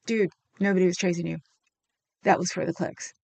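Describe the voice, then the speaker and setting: A woman's voice: lowish voice, steady tone, fairly quick, creaky, darkish tone. A middle-aged woman hosting a livestream, chatting casually and sarcastically as she recounts a video and reads comments aloud, with frequent ums. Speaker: livestream host.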